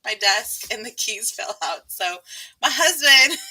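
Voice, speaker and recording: A woman's voice: on the high side, big pitch swings, slow pace, pushed and bright, husky, soft background music, low-quality recording. A woman with a light Southern US accent hosting a casual writing live stream, bubbly and laughing often.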